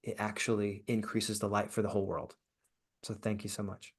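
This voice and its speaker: A man's voice: fairly low pitch, level tone, moderate pace, breathy edge. A man guesting on a podcast, talking earnestly about kindness and business, often restarting and repeating words. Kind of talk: motivational interview talk.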